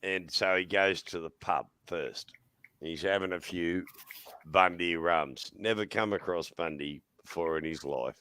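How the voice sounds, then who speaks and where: An Australian man telling a funny story in casual chat, laughing often and jumping into high voices for the people he quotes. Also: unhurried, pushed and bright, smooth, no echo.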